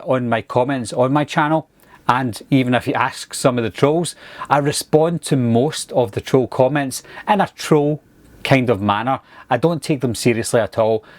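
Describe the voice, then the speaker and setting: A man with a Scottish accent, talking casually to camera as a movie reviewer, relaxed and chatty. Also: mid-range voice, no echo. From Scotland.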